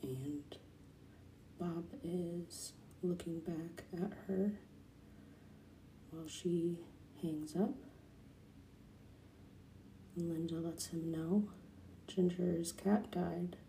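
A soft-spoken woman retelling a cartoon episode, at times dropping into a whisper. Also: fairly low pitch, steady tone, drawn-out words, creaky, pauses often, echoey room, a little hiss or hum, low-quality recording. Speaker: narrator.

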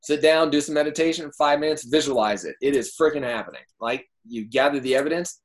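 Excitable man, casual swearing. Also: fast, hardly any pauses. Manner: excitable, swears freely, animated with big pitch jumps. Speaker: podcast guest, entrepreneur. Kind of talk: casual interview chat.

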